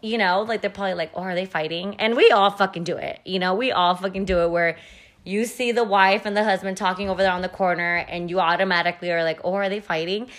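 A woman's voice: medium pitch, steady tone, fast talker, fairly bright tone. A woman in her thirties hosting a podcast, telling a story in a blunt, profane, chatty way full of "like" fillers. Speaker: podcast host. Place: at home.

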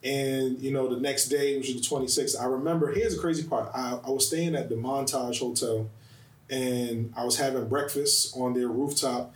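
A man hosting a podcast in casual chat, telling stories in an animated way and stressing his words. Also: medium pitch, moderate pace, echoey room, rough recording. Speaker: podcast host.

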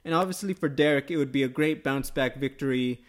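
A man hosting a casual MMA podcast, talking quickly and upbeat, tossing questions to his co-host. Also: mid-range voice. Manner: quick, upbeat, conversational with quoted asides. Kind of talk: casual sports chat.

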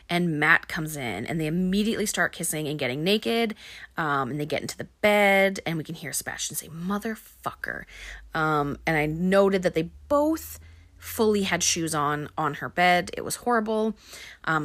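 A woman's voice: low voice, a bit bright, no room sound. A woman casually recapping a film scene by scene, with lots of ums and likes.

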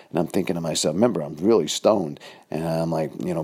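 A man's voice: deep voice, brisk, creaky, a little mellow, slightly rough. A man, telling a rambling podcast story full of fillers and restarts. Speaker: podcast host. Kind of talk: casual storytelling monologue.

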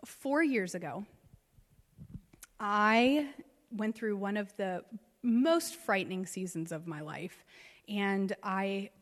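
A woman's voice: mid-range voice, fairly bright tone. Woman preacher in a reverberant hall. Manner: personal storytelling, emotional swings. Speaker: pastor. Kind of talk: sermon. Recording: long reverb of a large hall.

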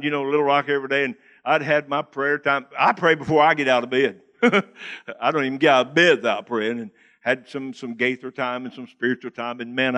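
Guy preaching in church, high bright voice, jokey and folksy. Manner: folksy, joking, laughs often. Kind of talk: humorous sermon.

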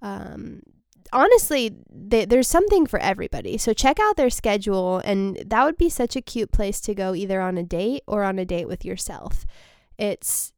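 A woman's voice: medium pitch, sing-song, normal speed, gravelly, darkish tone, no echo, clean studio sound. A young adult woman comedian hosting her own podcast, chatting casually in a rambling, self-deprecating way with frequent restarts. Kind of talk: casual solo podcast chat.

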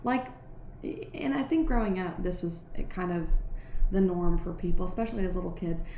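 A woman's voice: on the low side, warm tone. A woman giving a casual, earnest devotional reflection, talking conversationally with many "like"s and "right"s. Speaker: Christian devotional speaker. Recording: echoey room with faint background noise.

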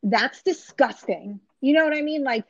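A guest on a call, this woman has a high-pitched, animated voice at a moderate pace, recorded dry and muffled. She tells blunt stories in a casual, chatty way, peppering them with "like" and "you know what I mean."

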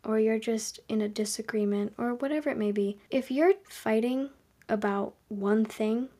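A young woman hosting a podcast, giving advice in a calm, earnest, conversational monologue. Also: on the high side, normal speed. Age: young adult. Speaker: podcast host.

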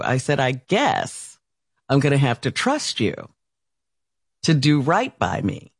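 A woman in her sixties, a radio co-host, telling a story in an animated way and acting out the quotes. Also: low voice, normal speed, no room sound, clean studio sound. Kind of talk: candid talk-show conversation.

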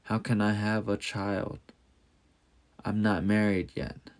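A man's voice: fairly low pitch, little pitch movement, slow pace. A man voicing Mary, a humble young village woman, in a storybook reading. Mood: nervous. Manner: timid, then joyful.

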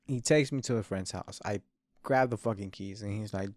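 A podcast host in his early twenties talks at a normal speed in a lowish voice with a darkish tone, recorded in clean studio sound without echo. He tells a long, rambling story casually, swearing heavily and calling his listener bro and dude.

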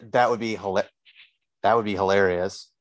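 A man's voice: on the low side, lively intonation, measured pace, no echo. A man co-hosting a podcast, chatting loosely about a TV episode and swearing freely. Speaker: podcast co-host. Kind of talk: casual chat.

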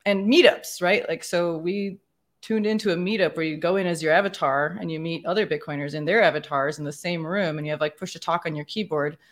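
Woman guest w low voice, chatty, tells stories w lots of likes. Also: brisk. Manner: chatty, animated storytelling. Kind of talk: casual panel chat.

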